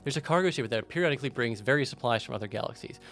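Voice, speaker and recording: A man voicing a sad, gentle alien shopkeeper. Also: mid-range voice, expressive, rapid-fire, faint music behind. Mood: confiding.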